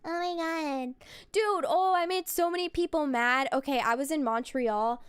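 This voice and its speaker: A woman's voice: high voice, moderate pace, no echo. A woman streamer in casual chat, playful and goofy, joking with silly word swaps.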